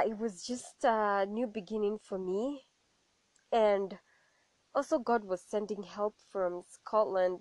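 A young adult woman giving a personal faith testimony in an animated storytelling way, acting out what other people said to her. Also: mid-range voice, no echo. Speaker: testimony speaker.

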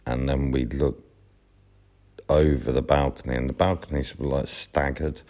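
A man telling a casual, rambling anecdote with many pauses, fillers and restarts. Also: a bass voice, steady tone, darkish tone. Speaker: podcast storyteller.

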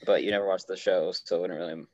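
A man co-hosts a casual podcast, joking loosely and sounding a little tipsy after a day of drinking. His deep voice is fairly even in intonation and quick, captured in dull, dry lo-fi sound.

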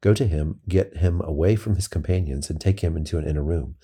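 A man voicing an old prophet who gives measured instructions in a scripture reading. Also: low-pitched, warm tone, slightly rough. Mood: instructing. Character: old male prophet giving solemn orders.

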